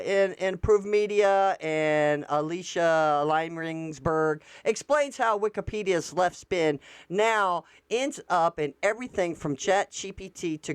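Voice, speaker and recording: A woman's voice: deep voice, clear, resonant tone, no room sound. A woman, doing casual political commentary and reacting to posts on screen in a blunt, profane way.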